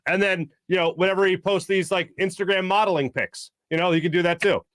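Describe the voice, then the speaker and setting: A man's voice: high voice, steady tone, fairly quick, fairly bright tone, no room sound, studio quality. Chatty male sports talk host. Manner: chatty, rambling, lots of fillers. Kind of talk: casual sports radio chat.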